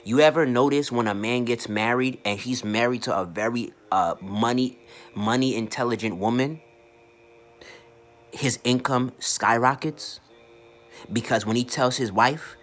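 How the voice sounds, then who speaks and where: A man coaching on online marketing speaks in a loose, unscripted rant. His talk is blunt and full of swearing, and he often stumbles over repeated words as his thoughts run ahead. His pitch sits in the ordinary middle for a man. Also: unhurried, fairly bright tone. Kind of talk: casual to-camera rant.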